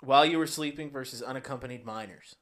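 A man's voice: mid-range voice, fast talker, fairly bright tone. Easygoing young man moving the show along. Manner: easygoing, runs the segments. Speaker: podcast co-host. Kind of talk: casual chat.

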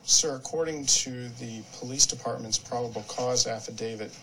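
A man's voice: medium pitch, moderate pace, pushed and bright, slight background noise, low-quality recording. A man questioning a witness in a legal deposition, formal and apologetic. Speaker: questioning attorney.

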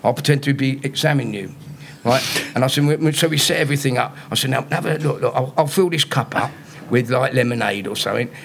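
A man's voice: mid-range voice, quick pace, vocal fry, a little hiss or hum. A male comedian, guesting on a live podcast and telling anecdotes, laughing through his own punchlines. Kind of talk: anecdotal storytelling. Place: live podcast show in front of an audience.

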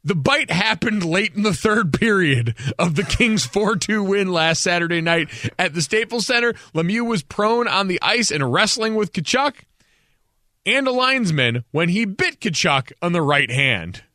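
A man's voice: high-pitched, expressive, moderate pace, sharp tone, dry recording, studio quality. A man hosting a sports radio show, reading items aloud with wry asides.

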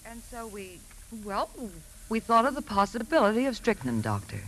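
An actress playing a sharp, inquisitive woman who writes for pulp magazines, talking in an insistent, probing way. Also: medium pitch, sing-song, moderate pace, faint music behind, poor audio.

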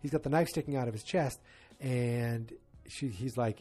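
A man's voice: medium pitch, normal speed, dark tone, breathy edge, faint music behind. A man casually recapping a TV episode in a loose, rambling way with joking asides.

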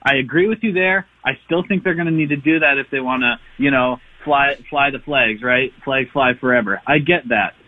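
A man's voice: mid-range voice, moderate pace, few pauses. A man calling in to a sports radio show, eager and rambling as he argues his point. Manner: eager, rambling, friendly teasing. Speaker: caller. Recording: tinny phone line.

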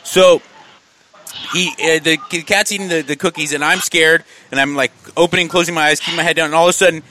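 A man telling a wild personal story in casual chat, animated and laughing as he goes. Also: fairly high pitch, quick pace, slight background noise. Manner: animated, laughs through his own story.

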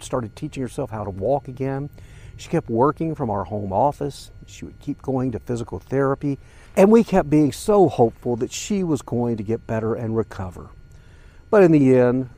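Older guy podcasting, earnest and emotional, mellow voice, dry close mic. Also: mid-range voice, no room sound. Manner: earnest, emotional, speaks directly to listeners. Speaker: podcast host. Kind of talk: personal reflective monologue.

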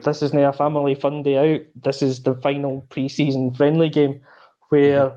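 Mellow man on a muffled line. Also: mid-range voice, moderate pace. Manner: relaxed, rambling, laughs easily. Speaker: podcast guest. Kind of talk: casual football chat.

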